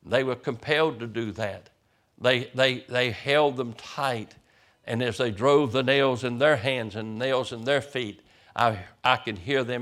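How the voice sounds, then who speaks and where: A man's voice: mid-range voice, fairly bright tone. A man, a pastor, preaching a sermon as vivid storytelling, often stammering over the first words of a sentence.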